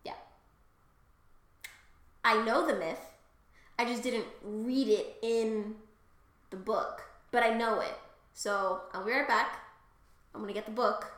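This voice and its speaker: A woman co-hosting a podcast in casual chat, excitable and sweary, loudly acting out quotes. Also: a little high, takes it slowly, pauses often, roomy sound. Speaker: podcast co-host. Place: home room.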